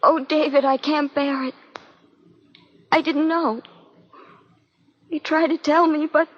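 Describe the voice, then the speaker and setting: A woman's voice: high-pitched, steady tone, takes it slowly. An actress playing a tearful young woman, crying as she speaks. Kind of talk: 1950s radio drama acting. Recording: dull lo-fi old radio broadcast.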